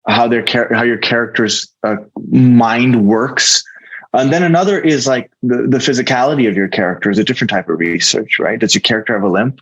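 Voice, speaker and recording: In a relaxed interview, a male actor with an American accent reflects earnestly as a guest, frequently starting sentences over. He has a medium-pitched, slightly bright voice, and the recording's highs are cut off.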